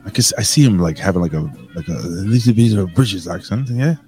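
A man co-hosting a casual podcast, joking loudly and giving shout-outs to viewers in the chat. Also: low voice, expressive, quick pace, faint music behind. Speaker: co-host.

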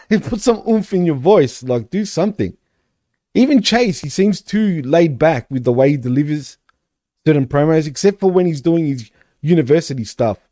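A man on a wrestling podcast with a mellow, slightly high voice. He is blunt and easily exasperated, laughing as he talks. The sound is dry and close. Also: animated, moderate pace, no echo. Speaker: podcast co-host. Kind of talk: casual wrestling chat.

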